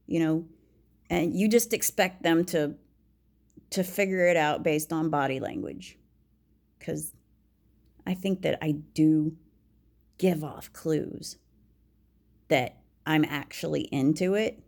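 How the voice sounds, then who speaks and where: A woman talking frankly and confidingly about herself in a personal monologue, with halting restarts and dropping to a whisper when she quotes herself. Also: fairly low pitch, creaky, a little mellow. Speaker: vlogger.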